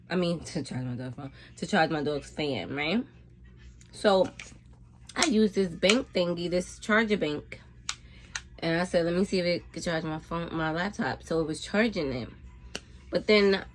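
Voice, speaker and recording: A lowish-voiced woman does a laid-back mukbang chat to camera, rambling to her viewers between bites. Slight background noise can be heard.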